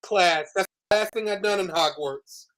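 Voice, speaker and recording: A man's voice: high-pitched, moderate pace, fairly bright tone, slight background noise. A man chatting as a panelist, teasing with wry casual remarks. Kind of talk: casual chat.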